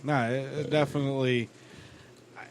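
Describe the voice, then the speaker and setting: A man's voice: medium pitch, steady tone, normal speed, a little hiss or hum. A man co-hosting a casual chat show, rambling with many restarts, swearing and laughing as he talks. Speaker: podcast co-host.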